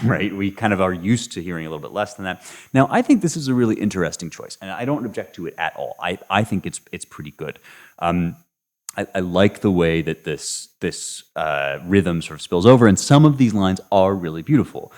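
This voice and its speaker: A man's voice: low voice, lively intonation, moderate pace, darkish tone. A man hosting a podcast, talking through poetry in a thoughtful, casual way with frequent restarts and hesitations. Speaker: podcast host. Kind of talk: casual literary commentary.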